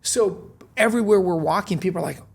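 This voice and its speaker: A man telling stories as an interview guest, lively and acting out the dialogue he recalls. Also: high-pitched, fast, vocal fry. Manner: lively, acts out quoted dialogue. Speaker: guest, restaurant co-founder. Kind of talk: animated storytelling in conversation.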